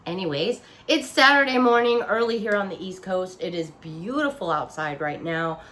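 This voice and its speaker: A woman's voice: medium pitch, animated, normal speed, a bit bright. Chatty woman on her couch showing off a haul, still a bit under the weather, keeps going oh my gosh. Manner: chatty, gushing exclamations. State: recovering from feeling under the weather. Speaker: shopping haul vlogger. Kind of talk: casual chat. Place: living room couch at home.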